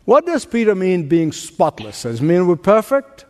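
A man's voice: sits high, sing-song, moderate pace, dark tone, long reverb tail. A man preaching a sermon, earnest, with a storytelling aside. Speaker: pastor.

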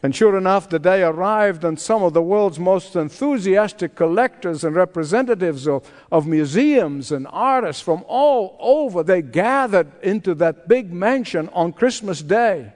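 A man's voice: sits high, lively intonation, measured pace, hardly any pauses, darkish tone. A man preaching a sermon, telling a story dramatically and acting out the voices of its characters. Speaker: pastor. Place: large church sanctuary. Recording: long hall reverb.

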